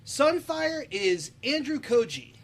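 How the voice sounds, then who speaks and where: A man co-hosting a casual podcast, talking about movies in an animated, opinionated way and swearing freely. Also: extremely high pitch, slow pace, slight background noise. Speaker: podcast co-host.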